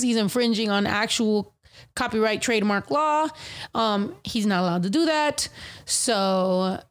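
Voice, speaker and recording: A woman hosting a podcast in casual chat, telling stories in an animated, profane way full of slang. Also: medium pitch, a little slow. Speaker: podcast host.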